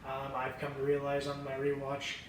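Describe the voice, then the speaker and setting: A man's voice: medium pitch, monotone, normal speed, a little hiss or hum. A young man chatting casually about his movie haul, rambling, swearing and running himself down. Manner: rambling, profane, self-deprecating. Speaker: vlogger showing a movie haul. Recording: very echoey room, mic far off.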